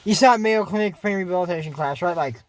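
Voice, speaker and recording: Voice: mid-range voice, fast talker. A YouTuber recapping a cartoon episode in casual, digressive chat full of fillers and asides. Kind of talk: casual rambling commentary.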